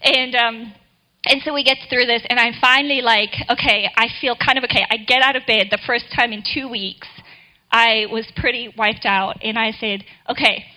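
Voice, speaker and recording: A woman's voice: a little high, steady tone, normal speed, pushed and bright, rough recording. A middle-aged woman giving a church talk, telling a personal story in a chatty way before reading scripture.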